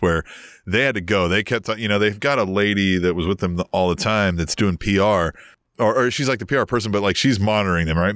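A man co-hosting a podcast, telling old stories in a rambling, casual way and getting animated when he quotes people. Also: fairly low pitch, clean tone, no room sound, studio quality. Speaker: podcast co-host. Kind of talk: casual storytelling chat. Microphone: video call.

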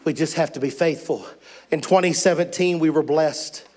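A man's voice: a little high, moderate pace, a little mellow. A man preaching a sermon as a missionary, telling a story with mounting fervor. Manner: impassioned storytelling, rising to fervent preaching.

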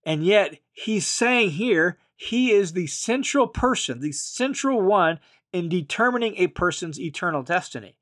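A man's voice: high-pitched, expressive, unhurried, a bit bright. A man teaching through a Bible passage verse by verse, explaining each point and restating it in other words. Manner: emphatic, leans on key phrases.

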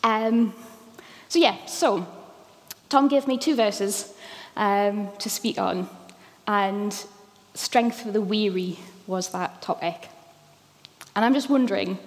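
A woman in her thirties delivers a sermon in a warm, candid, conversational way, sprinkled with ums. Her voice sits at a middle pitch. A long hall reverb trails behind each phrase. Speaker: preacher.

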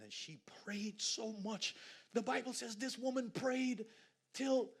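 A man from Guyana preaching a sermon in a church, swinging from hushed asides to loud, laughing exclamations. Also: extremely high pitch, unhurried, vocal fry, slightly rough. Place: church sanctuary.

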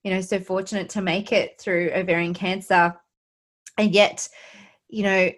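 A woman hosting a podcast interview, talking warmly and emotionally with many fillers. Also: mid-range voice, flat delivery, moderate pace. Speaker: podcast host. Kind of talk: casual interview chat.

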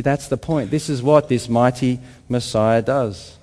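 A man preaching a sermon to a congregation, emphatic, with rhetorical questions and quieter reflective passages. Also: mid-range voice, steady tone, brisk, few pauses, big-room sound. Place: church hall with congregation.

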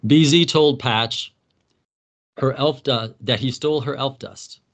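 A man giving a wry, comic recap of a story, with quick asides in the characters' voices. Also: mid-range voice.

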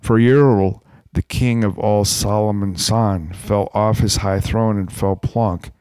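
A man's voice: fairly low pitch, slow pace, smooth, dry recording. Playful man reading a bedtime story. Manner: playful, deadpan asides.

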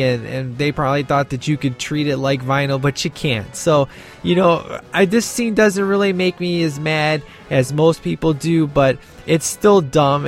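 Rambling man reviewing a film. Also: on the high side. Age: adult with a child. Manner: rambling, lots of fillers and restarts. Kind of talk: casual film commentary.

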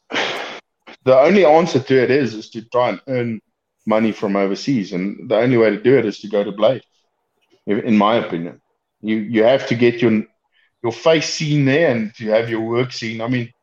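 A man's voice: mid-range voice, a little slow, long pauses, a little mellow. Rambling South African man, lo-fi sound. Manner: rambling, with restarts and laughs. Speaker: knifemaker guest. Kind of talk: casual chat over a call.

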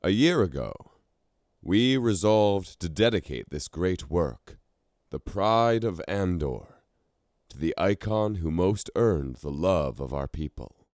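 A man's voice: deep voice, animated, slow pace, a little mellow, no echo, studio quality, pitched above the performer's own voice. A man doing a formal, persuasive scribe king. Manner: formal, ceremonious speech. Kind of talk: storybook reading.

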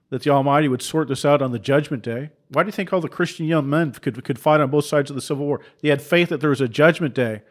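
A man preaching with heated, repetitive rhetoric and rhetorical questions, often stumbling into restarts. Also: mid-range voice. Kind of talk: impassioned preaching commentary.

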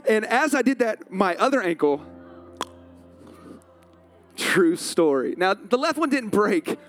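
A man's voice: sits high, very animated, slow pace, soft background music. A male pastor preaching a sermon, telling a self-mocking story with frequent laughter.

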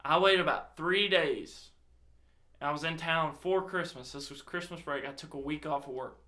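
A young man with a higher-pitched voice recounts a personal story at a normal speed. He keeps it casual and animated, cursing often and performing the dialogue he quotes.

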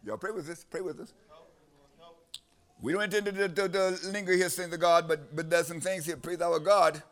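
A man's voice: high voice, fairly even intonation, normal speed. A man preaching a sermon, emphatic and repeating his phrases, trading lines with a scripture reader.

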